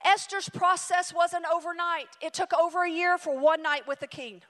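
A woman in her forties preaching a sermon and telling a story, swinging dramatically between loud and hushed delivery. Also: very high-pitched, steady tone, moderate pace. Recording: reverberant hall.

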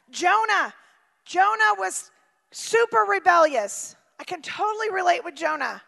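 A woman preaching a sermon with emphatic swings from shouting to near-quiet. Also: extremely high pitch, creaky, big-room sound.

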